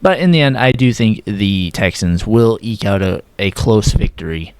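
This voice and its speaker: A young man casually running through his weekly football picks, correcting himself as he goes and sometimes talking in a flat, robotic way. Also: on the low side, moderate pace, smooth, dry recording. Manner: casual, self-correcting, slightly flat delivery. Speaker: sports predictions vlogger. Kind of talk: casual sports picks talk.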